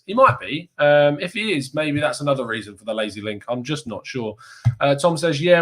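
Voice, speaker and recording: A young man from Kent with a southeast English accent hosts a relaxed fan live stream. He chats easily and reads viewer comments aloud, breaking into laughter often. His voice sits in an ordinary middle pitch. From Kent, England. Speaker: fan channel host reading live chat. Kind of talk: casual live-stream chat.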